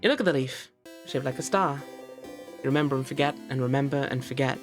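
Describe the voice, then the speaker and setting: A woman's voice: rumbling low, fast, music in the background. A woman streamer reading game text aloud expressively in a voice-acted playthrough, with playful asides.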